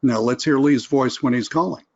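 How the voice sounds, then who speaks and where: A man's voice: medium pitch, normal speed, a little mellow, highs cut off. A man teaching a sales webinar, casual and conversational, acting out phone calls as examples. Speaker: sales trainer. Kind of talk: live webinar teaching with role-play calls.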